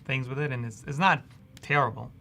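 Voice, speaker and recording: A male guest designer in casual chat, often chiming in with quick agreeing remarks. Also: medium pitch, vocal fry, pushed and bright, slight background noise.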